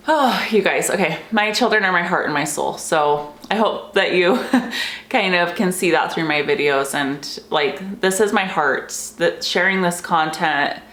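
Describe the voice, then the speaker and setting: A woman's voice: on the low side, lively intonation, a little slow, fairly bright tone, echoey room. A young woman and homeschooling mom vlogging in a casual chat, gushing and emotional, saying "like" constantly. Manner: chatty, heavy use of "like", emotional and gushing.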